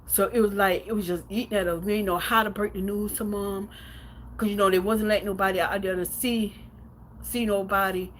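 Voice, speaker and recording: A woman's voice: mid-range voice, fairly even intonation, brisk, a little hiss or hum. A woman livestreaming from home, telling a painful personal story in a blunt, profane way with lots of repetition, then reading out viewer comments.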